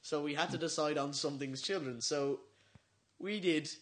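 A young Irish man in his late teens co-hosting a casual podcast, rambling through stories, laughing often and slipping into quick impressions. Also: on the high side. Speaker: podcast co-host. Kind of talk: casual chat among friends.

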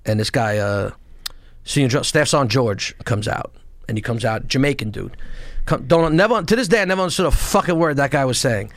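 A man in casual podcast talk, telling profane, animated stories of his past and acting out shouts along the way. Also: mid-range voice, fast talker, dry recording. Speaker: podcast guest, former Marine and police officer. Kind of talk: casual storytelling.

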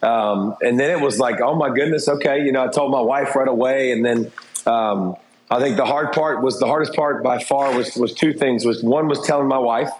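A man's voice: medium pitch, moderate pace, a little hiss or hum. A middle-aged man talking candidly as an interview guest, rambling with restarts and fillers. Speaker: interview guest, former TV football analyst. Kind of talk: casual interview talk. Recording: roomy echo.

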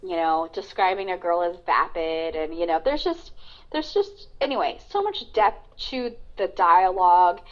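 A woman's voice: lowish voice, animated, moderate pace. A woman co-hosting a podcast, chatting casually about a film with lots of fillers and restarts. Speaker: podcast co-host. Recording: dull lo-fi sound.

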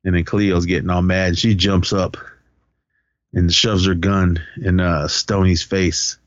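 A man's voice: sits low, little pitch movement, slow pace, dry recording, lo-fi sound. A man co-hosting a podcast, recapping a film in casual chat and acting out lines in a raised voice. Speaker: podcast co-host.

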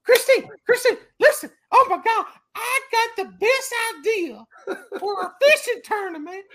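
A podcaster doing a shrill frantic husband. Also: animated, unhurried, a bit bright, exaggerated voice. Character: frantic excited husband pitching an idea.

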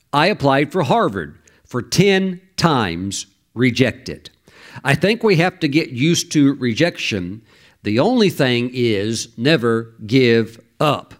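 A man preaching a sermon, reading scripture and acting out the voices of the listeners in animated asides. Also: mid-range voice.

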